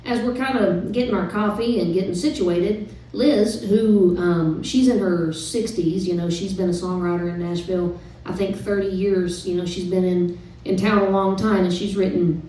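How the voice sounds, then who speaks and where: Woman, singer-songwriter, stage banter, chatty rambling storyteller, dark mellow tone, far mic, very echoey live room. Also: medium pitch, moderate pace, slight background noise. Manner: chatty, relaxed storytelling with fillers. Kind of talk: casual stage banter between songs. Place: live music club stage.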